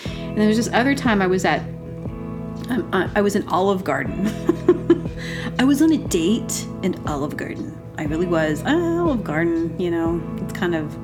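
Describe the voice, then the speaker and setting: A woman hosting a podcast, telling comic personal stories in a rambling, animated way and acting out quotes in exaggerated voices. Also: on the low side, normal speed. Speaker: podcast host. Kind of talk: casual comedic storytelling. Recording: music playing behind.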